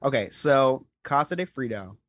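A man's voice: medium pitch, animated, moderate pace, fairly bright tone, no room sound. A man co-hosting a casual podcast, explaining a story with many restarts and repeated words. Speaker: podcast co-host. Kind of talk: casual chat.

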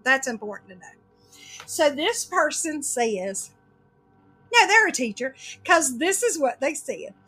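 A woman hosting a casual chat, telling an animated story and laughing through it. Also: high voice, a little slow, pauses often, faint music behind.

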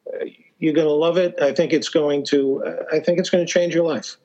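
A man's voice: a little high, steady tone, a little fast, warm tone, highs cut off. A man guesting on a podcast, telling stories casually with lots of hesitations, restarts and fillers, and chuckling now and then. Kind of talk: casual storytelling interview.

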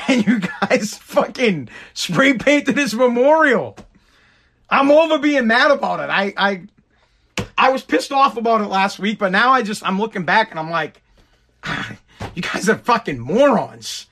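American guy ranting at the camera, pretty high voice, swears constantly, keeps tripping over his words. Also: animated, unhurried, fairly bright tone, slight background noise. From United States. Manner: profane, exasperated, heavy swearing and repeated words. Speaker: vlogger. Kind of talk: casual rant to camera. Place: Boston.

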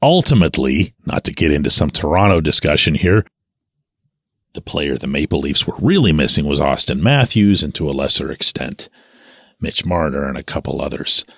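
Man, low voice, dry close sound, sardonic solo podcast host, lively opinion talk. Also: moderate pace, no echo. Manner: sardonic, animated, drops to mutters and asides. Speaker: podcast host and sports columnist.

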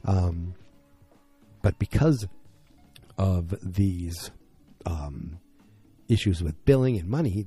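A man's voice: sits low, warm tone, slightly rough. A tired man hosting a podcast late at night, rambling through a casual episode recap and correcting himself as he goes. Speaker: podcast host.

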